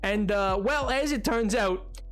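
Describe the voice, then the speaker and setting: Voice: mid-range voice, a little slow, soft background music. A livestreamer chatting casually while gaming, rambling with lots of restarts and filler words.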